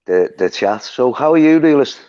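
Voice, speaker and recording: A man's voice: mid-range voice, lively intonation, moderate pace, mellow, dull audio. A man with a Liverpool accent hosting a live stream, rambling through stories and laughing often. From Liverpool, England. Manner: chatty, rambling storyteller who laughs often. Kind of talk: casual chat. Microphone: phone.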